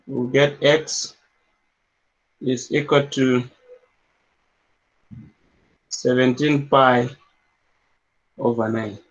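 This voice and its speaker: A male maths teacher with a medium pitch and fairly even intonation draws out his words and pauses often. Walking his class through each step aloud, he checks their understanding with "yes?". The classroom audio is dull and lo-fi.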